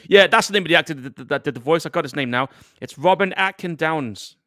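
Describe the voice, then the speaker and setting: A man's voice: on the high side, expressive, fast, pushed and bright, dry recording, clean studio sound. Laid-back chuckling man from England. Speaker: co-host. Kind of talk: casual live movie commentary.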